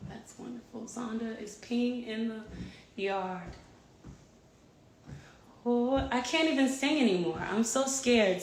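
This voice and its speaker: A singer in her thirties films herself at her home with a yard, chatting candidly to camera, rambling and swearing freely. Her voice is fairly high, and there's a slight hiss or hum.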